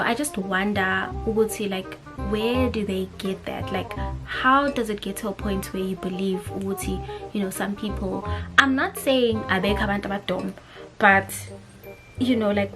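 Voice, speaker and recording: A young South African woman with a South African accent, chatting casually to camera and slipping between English and isiZulu mid-sentence. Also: medium pitch. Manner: animated, expressive, switching languages mid-sentence. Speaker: vlogger. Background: background music.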